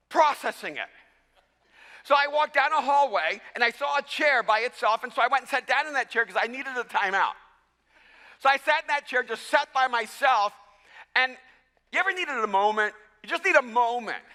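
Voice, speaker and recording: A man's voice: very high voice, sharp tone. A man in his fifties or older preaching a sermon, telling stories with self-deprecating humor and frequent restarts. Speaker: pastor. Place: large church auditorium. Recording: long reverb of a large hall.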